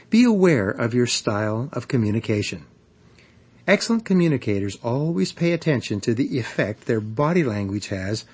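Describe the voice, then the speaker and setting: A man reading his own guide to public speaking as scripted audiobook narration, measured and instructive. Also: medium pitch, darkish tone, breathy edge. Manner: measured, instructive, varies emphasis for examples.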